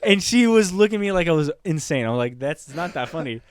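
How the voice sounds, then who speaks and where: A young man co-hosting a casual comedy podcast, telling stories in an animated way and laughing often as he acts out movie lines. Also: a little high, a little fast. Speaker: podcast co-host.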